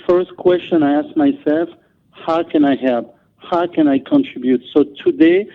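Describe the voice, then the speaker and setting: A man's voice: sits high, creaky. A man with a French accent, a native French speaker, talking as a guest in an interview with many restarts and fillers. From France. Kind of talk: interview on a call. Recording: tinny phone line.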